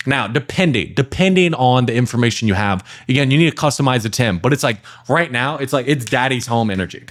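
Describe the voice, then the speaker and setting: Young guy teaching sales, straight-talking, lots of "like" and "okay", normal mid pitch. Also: expressive, a little fast, few pauses, fairly bright tone. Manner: direct, blunt, talks to the viewer with frequent fillers. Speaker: sales trainer. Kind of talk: casual instructional talk with role-play examples.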